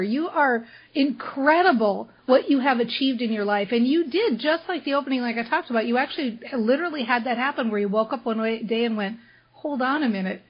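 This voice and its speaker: A woman hosting an interview show, chatting enthusiastically with quick asides. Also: fairly high pitch, breathy edge. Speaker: podcast host. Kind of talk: casual interview chat. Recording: dull lo-fi audio.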